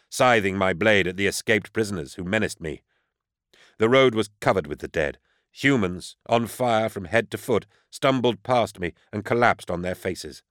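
A man reading a grim first-person audiobook narration in a measured, dramatic way. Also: fairly low pitch, fairly bright tone, no echo, studio quality.

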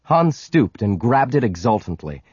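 Husky male audiobook narrator. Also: on the low side, very animated, unhurried, a little mellow, no echo, lo-fi sound. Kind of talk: scripted narration.

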